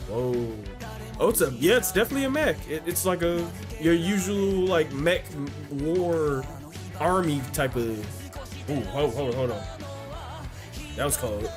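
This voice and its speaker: A man hosting an anime reaction video, talking casually and excitedly, swearing and restarting his sentences often, with faint music behind him. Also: a little high, a little slow. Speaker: anime reaction channel host.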